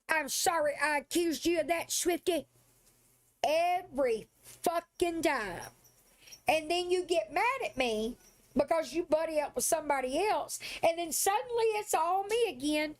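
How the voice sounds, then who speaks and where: Streamer, woman, high voice, swearing, sassy, confrontational. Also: animated, a little slow. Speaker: live streamer. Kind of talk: angry livestream rant.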